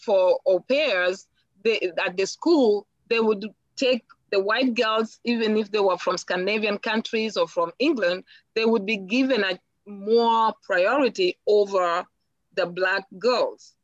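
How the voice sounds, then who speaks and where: Speaking unhurriedly at a medium pitch, this African woman is captured in a dry recording with dull audio. She's an interview guest in a personal conversation, sincere and reflective, and she tends to repeat words as she works through her thoughts.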